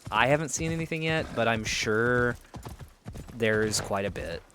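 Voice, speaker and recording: A man's voice: medium pitch, lively intonation, measured pace, a bit bright, slight background noise. A young man chatting casually as a streamer while he plays a game, rambling and swearing freely. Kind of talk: casual gameplay commentary.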